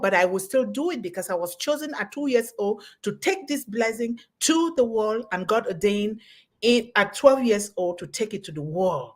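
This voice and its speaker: Middle-aged woman from Cameroon, webinar host, passionate and repetitive, medium pitch, pitch and loudness swing widely. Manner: emphatic, repeats phrases, swings in pitch and loudness. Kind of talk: impassioned motivational talk. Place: live online webinar.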